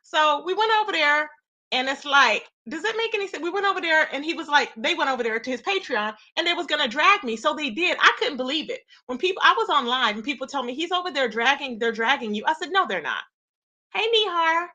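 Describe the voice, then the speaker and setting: A woman with a high, bright voice talks straight to her viewers in a casual vlog. She tells her side of a story with animated indignation and keeps punching her points with quick "okay?" asides. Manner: emphatic repeated tag questions. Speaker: YouTuber.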